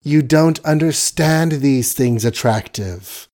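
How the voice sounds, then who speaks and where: Man doing a soft patient young lady, dignified, storybook reading. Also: sits high, expressive, normal speed, pitched above the performer's own voice. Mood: gentle. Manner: gentle, patient. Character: composed young woman, gentle and dignified.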